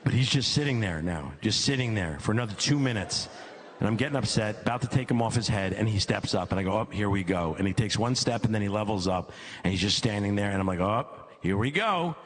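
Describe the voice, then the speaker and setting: A man's voice: quick pace, a little hiss or hum. A middle-aged man doing stand-up comedy on stage, telling a long story with repeated phrases and mounting exasperation. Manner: animated storyteller, repeats phrases for comic effect, climbs high when exasperated. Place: comedy stage before a live audience.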